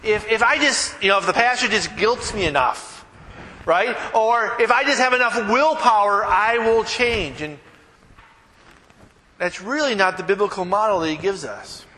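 A man's voice: high voice, normal speed, sharp tone, big-room sound. A man preaching a sermon as pastor, talking casually with anecdotes, many fillers and restarts. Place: church.

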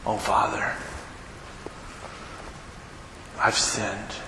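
A man's voice: extremely high pitch, unhurried, pitched above the performer's own voice. A man voicing a brash young prodigal son who boasts and demands, recorded in an echoey hall with ambient noise. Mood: contrite.

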